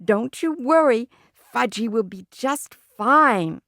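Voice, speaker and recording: A woman voicing a pushy, bossy schoolgirl in a high, sing-song, wheedling voice for a storybook reading. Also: animated, slow pace, a bit bright, dry recording, studio quality, full character voice. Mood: eager pleading.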